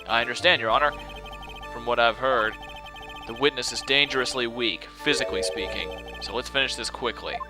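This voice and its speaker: A man's voice: mid-range voice, a little fast, music in the background, lightly acted. A man voicing an earnest young male defense lawyer.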